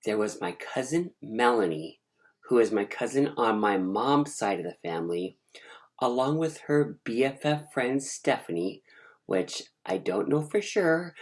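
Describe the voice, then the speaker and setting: Very low-voiced woman telling a rambling story. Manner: animated, rambling, digressive. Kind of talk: casual storytelling.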